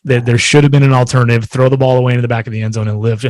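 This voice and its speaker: A man's voice: mid-range voice, fairly even intonation, rapid-fire, no room sound. A man in his forties chatting casually about sports, rambling with lots of fillers. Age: 40s. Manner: rambling, filler-heavy storytelling.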